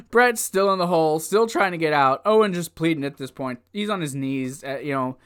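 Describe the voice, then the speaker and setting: A man giving a casual, rambling recap of an old wrestling event, easily excited and laughing often as he goes. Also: on the high side, moderate pace, smooth. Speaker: wrestling show reviewer.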